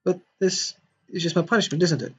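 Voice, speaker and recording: A man's voice: sits high, brisk, slightly rough, heavily acted. Sayori: a man reading as a gloomy teenage girl. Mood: self-blaming. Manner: soft, gloomy, self-blaming. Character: bubbly teenage girl hiding depression.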